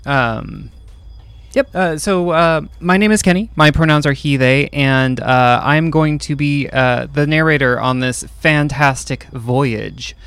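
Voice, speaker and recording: Male game master, slow, hesitant delivery, smooth voice, dry recording. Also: a little high, a bit bright, dry recording. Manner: hesitant, many ums and uhs. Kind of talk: casual podcast chat.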